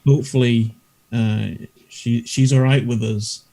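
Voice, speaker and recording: Mellow-voiced male player. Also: medium pitch, fairly even intonation, a little slow, rough recording. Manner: loose and laughing, with fillers. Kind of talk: casual tabletop play.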